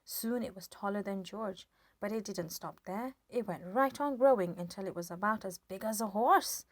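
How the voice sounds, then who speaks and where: A woman reading a children's story aloud with lively, expressive storytelling. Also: mid-range voice, moderate pace, no echo. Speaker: storybook reader.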